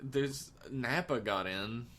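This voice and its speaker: A man's voice: medium pitch, slow pace, a bit bright. A man co-hosting a podcast in casual chat, joking, swearing freely and laughing often. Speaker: podcast co-host.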